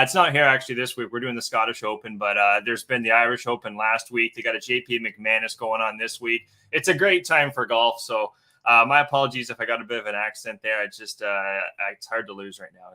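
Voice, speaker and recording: Host of a live golf picks stream, loose and chatty; bright, forward voice. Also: male voice, medium pitch. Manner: casual, chatty, lots of fillers, greets chat viewers. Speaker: sports betting podcast host.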